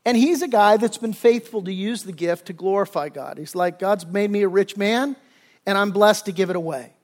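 A male pastor preaching a sermon in a casual, animated storytelling way, often restarting his phrases. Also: high voice, normal speed.

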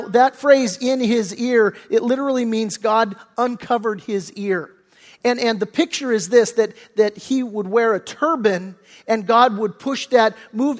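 A man's voice: high voice, big-room sound. A man preaching a sermon as pastor, earnest and repeating key phrases, often restarting his sentences.

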